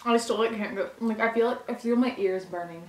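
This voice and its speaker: A woman's voice: on the high side, brisk. A young woman vlogger chatting casually through a snack taste test, full of "like" fillers. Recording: echoey room with faint noise.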